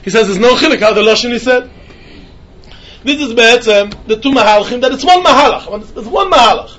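A man teaching a Talmud lesson in a yeshiva style, with an animated singsong delivery. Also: very high-pitched, fairly quick, muffled recording, slight background noise. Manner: animated singsong, mixing Yiddish and Hebrew terms.

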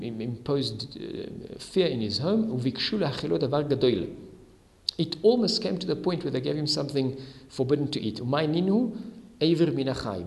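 A man's voice: medium pitch, vocal fry, in a large hall. A man teaching a Talmud lesson with Ashkenazi Hebrew pronunciation, reading each Aramaic line and then explaining it in English. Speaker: Torah teacher.

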